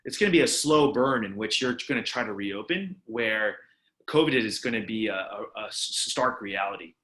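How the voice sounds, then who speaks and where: A man in his thirties, a company founder, explaining his product quickly and fluently in a video call interview with frequent restarts. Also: on the low side, lively intonation, fairly bright tone, roomy sound. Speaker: startup founder and CEO.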